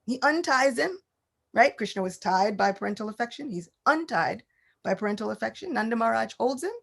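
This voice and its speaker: A woman giving a scripture class, telling the story in a lively, animated way. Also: fairly high pitch, brisk, gravelly.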